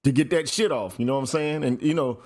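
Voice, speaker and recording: A man's voice: medium pitch, fast, darkish tone. A man from St. Louis in casual podcast chat, telling long stories with lots of swearing and "you know what I'm saying.".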